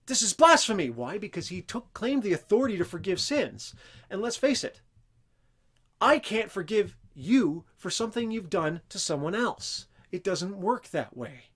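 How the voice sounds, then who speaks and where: Guy teaching about faith on his show, earnest and punchy, voice sits a little high. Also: animated, normal speed, husky. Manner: earnest, emphatic, restarts and quotes scripture in a raised voice. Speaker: host of a Christian teaching show. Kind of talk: unscripted religious teaching talk.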